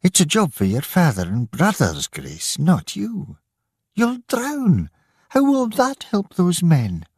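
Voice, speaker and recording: A man's voice: high voice, huge pitch swings, takes it slowly, breathy edge, no room sound, clean studio sound, pitched above the performer's own voice, exaggerated voice. A man voicing a worried middle-aged mother who pleads insistently, in a storybook reading. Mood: pleading.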